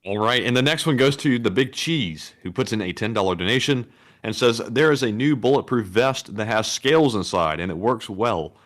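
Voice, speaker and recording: A man co-hosting a casual live stream, reading out donations in an even, plain way. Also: medium pitch, moderate pace.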